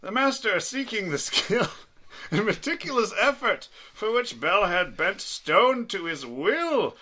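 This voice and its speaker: A man's voice: high-pitched, sing-song, takes it slowly, bright, forceful tone, pitched above the performer's own voice, full character voice. A man putting on a little old man voice to read an elderly dwarf cleric's backstory at a tabletop game. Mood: solemn. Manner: reads a backstory aloud in a storyteller voice. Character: elderly male dwarf cleric, weathered and stiff. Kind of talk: tabletop character backstory reading.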